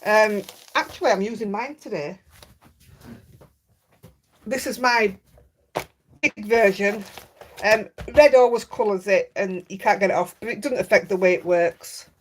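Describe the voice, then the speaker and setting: During a casual live craft stream, a Yorkshire woman chats away, laughs easily and reads out comments from viewers. Her mid-range voice is unhurried, with frequent pauses, and there's slight background noise.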